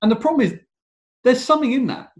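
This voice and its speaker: A man from England interviewing a guest, asking measured, thoughtful questions in a casual tone. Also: very high-pitched, expressive.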